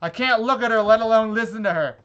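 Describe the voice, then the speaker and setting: A man's voice: sits high, fast talker, a bit bright, smooth, dull audio. Exasperated man ranting at comments. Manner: exasperated, sarcastic, swears freely. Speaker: vlogger reading comments. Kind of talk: angry rant reacting to comments.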